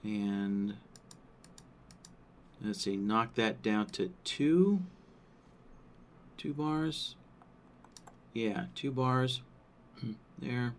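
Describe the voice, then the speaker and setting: A man presenting a live software workshop, walking through settings on screen while thinking aloud and checking in with listeners. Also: lowish voice, drawn-out words, long pauses, a little hiss or hum. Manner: thinks aloud, frequent "right?" check-ins.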